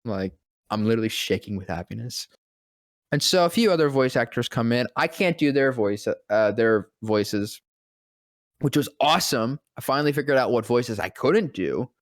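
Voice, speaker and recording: A man spinning a story on a podcast with a lively voice that swings up and down in pitch. He swears freely and drops into deep, gruff voices whenever he quotes someone. The sound is close and dry, with no room echo. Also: normal speed. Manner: animated, profane, drops into deep growly voices when quoting people. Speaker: guest voice actor.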